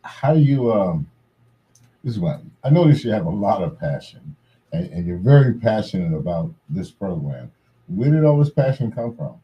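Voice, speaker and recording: A man's voice: lowish voice, big pitch swings, moderate pace, lo-fi sound. A man hosting an interview, asking questions and giving encouraging reactions. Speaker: host.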